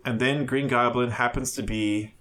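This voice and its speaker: A man's voice: mid-range voice, steady tone, normal speed, a bit bright. A man co-hosting a casual podcast, rambling and swearing freely as he jumps between thoughts. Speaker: podcast co-host. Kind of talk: casual chat.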